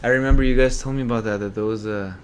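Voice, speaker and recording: A man's voice: mid-range voice, steady tone, racing, a little hiss or hum. A young man co-hosting a podcast, bantering casually and joking with frequent laughter. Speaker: podcast co-host. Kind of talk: casual chat.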